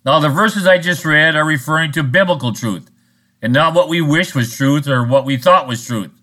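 A man's voice: a little high, normal speed, bright, forceful tone. A man preaching a sermon in a blunt, scolding, sarcastic manner. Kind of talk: recorded sermon monologue.

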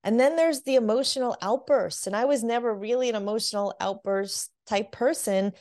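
A woman working as a divorce coach, speaking candidly in an interview and telling her story with lively acted quotes. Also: on the high side, normal speed. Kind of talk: interview conversation.

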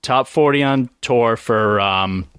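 A man's voice: mid-range voice, slow pace, clear, resonant tone, no room sound, studio quality. A man co-hosting a golf podcast, casually running through his picks with jokes and asides. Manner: relaxed, joking, rambling picks. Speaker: podcast co-host. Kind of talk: casual golf betting chat.

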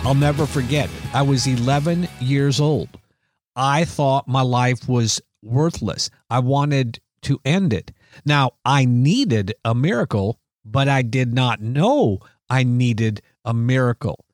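A man hosts a faith program, introducing stories in a measured presenting manner at a mid pitch. Faint music sits under his voice. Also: darkish tone, dry recording, studio quality. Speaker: host. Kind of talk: program narration and testimony.

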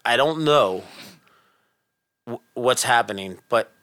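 A middle-aged man tells a story in an earnest, animated way, leaning in and going quiet at the tense parts. His pitch sits in a middle range for a man. The sound is dry and close, with no room echo. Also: normal speed. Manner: animated, earnest, drops soft for tense moments. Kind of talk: casual storytelling chat.

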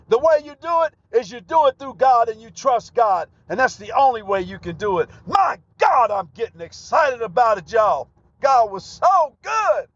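A middle-aged man preaching a testimony sermon, fervent and bursting into shouted praise. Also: very high voice. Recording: dull lo-fi broadcast recording.

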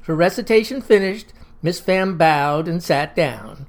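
An older storyteller spinning a folksy first-person yarn in old-fashioned phrasing. The voice sits mid-pitch and plain, with an easy, matter-of-fact telling. It is a spoken story reading. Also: lively intonation, unhurried.

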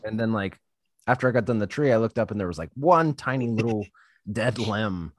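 A man's voice: fairly low pitch, a little fast, a little hiss or hum. A man telling a story about his tree job in casual chat, swearing a lot and laughing often as he acts out what people said.

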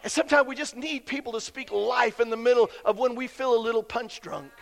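A man's voice: very high-pitched, brisk, vocal fry. A man preaching a sermon as pastor, folksy and emphatic, repeating key lines for effect. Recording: long reverb of a big hall.

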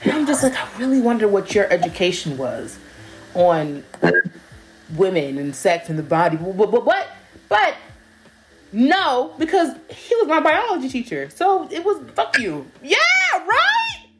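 Young woman, lively storytelling voice, fairly high, acts out quotes, laughs often. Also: a little slow, noisy background. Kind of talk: casual chat.

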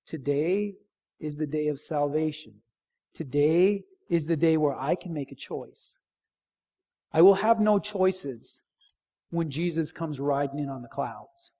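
A middle-aged man preaching a sermon in a church, emphatic, repeating key phrases and dropping to a near hush for stress. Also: on the high side, measured pace. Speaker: pastor.

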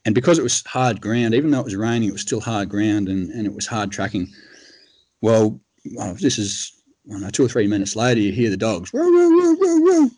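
A man's voice: fairly low pitch, brisk, darkish tone, husky, no room sound. An Australian man telling a long hunting story in a laid-back, rambling way, full of fillers. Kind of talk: casual storytelling.

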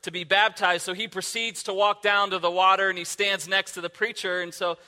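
A man's voice: high voice, level tone, a little fast, sharp tone. A man who is a lead pastor, giving a sermon in a casual, conversational way with frequent fillers.

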